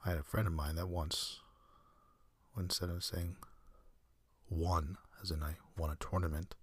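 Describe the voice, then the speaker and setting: A man hosting a sleep podcast, talking in a soft, slow, meandering half-whisper with dry self-mocking humor. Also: deep voice, flat delivery, breathy edge. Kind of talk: rambling whispered bedtime monologue.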